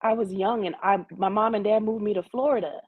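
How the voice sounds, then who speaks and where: A young adult woman from Jamaica hosting a casual group discussion, speaking candidly and telling personal stories with animated asides. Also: mid-range voice, fairly quick, phone-quality sound.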